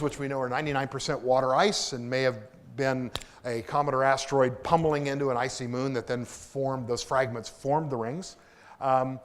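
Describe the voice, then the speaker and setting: A man from Kansas, a propulsion engineer, giving a lively public lecture full of self-deprecating stories and enthusiasm. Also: on the high side. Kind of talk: lecture with anecdotes. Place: lecture hall.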